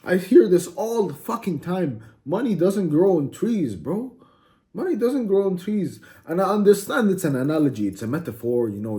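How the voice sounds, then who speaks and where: Man, mellow dark tone, brash profane motivational rant, mocking, mid-pitched. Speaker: self-improvement video host.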